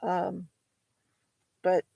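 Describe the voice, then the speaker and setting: A woman's voice: fairly low pitch, monotone, extremely slow, creaky, mellow, husky, dry recording, rough recording. A tired woman homesteader talking casually about her goats, rambling and hesitant, with many fillers and restarts. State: tired, sighing. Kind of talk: casual vlog chat.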